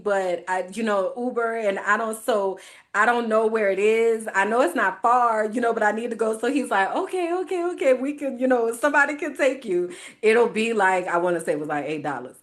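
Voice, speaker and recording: An American woman hosting a podcast, telling a personal story in a lively way, laughing often and acting out her own reactions. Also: lowish voice. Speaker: podcast host.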